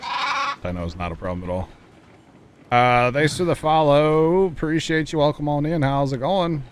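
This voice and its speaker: A man's voice: a little high, sing-song, normal speed, background noise. A man streaming a game live, chatting casually and thanking viewers, easygoing and reflective. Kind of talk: casual livestream chat.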